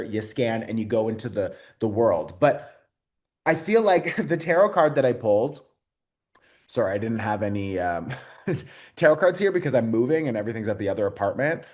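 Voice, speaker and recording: A man hosting an astrology video, talking casually and excitedly to his viewers, rambling with lots of fillers and frequent swearing. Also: mid-range voice. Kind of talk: casual unscripted talk to camera.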